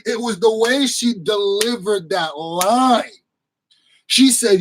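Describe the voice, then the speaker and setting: A man giving an excited, slangy, casual movie review with bursts of shouting and laughter. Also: high voice, normal speed, rough recording.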